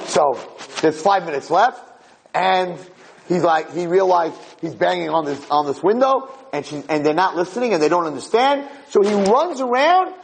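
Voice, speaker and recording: A man telling a dramatic story in a lecture, animated and acting out the characters' voices. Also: fairly high pitch, gravelly, a little hiss or hum, rough recording.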